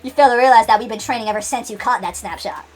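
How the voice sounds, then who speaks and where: A woman's voice: fairly high pitch, fast talker, soft background music, close to an everyday voice. Woman doing a smug taunting male rival.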